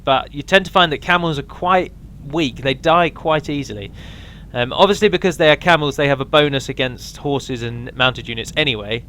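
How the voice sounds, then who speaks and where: A man's voice: medium pitch, sharp tone, a little hiss or hum. A man giving a casual, rambling walkthrough of a strategy game mod, with frequent ums and restarts.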